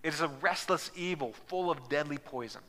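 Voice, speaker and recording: A man's voice: fairly high pitch, fairly quick, pushed and bright, in a large hall. A male pastor preaching an earnest sermon, often restarting his words, in a church. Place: church sanctuary.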